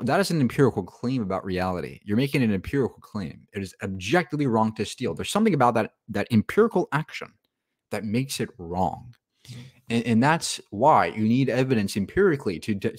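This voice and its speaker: A man's voice: medium pitch, no room sound, clean studio sound. A man hosting a reaction video, arguing his point with rhetorical questions and sarcasm. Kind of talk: casual argumentative commentary.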